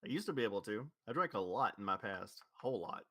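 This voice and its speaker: Man, neutral American accent, lowish voice, rambling self-correcting podcast chatter. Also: animated, fast talker, fairly bright tone, no room sound. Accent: neutral General American. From Louisville, Kentucky. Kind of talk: casual chat.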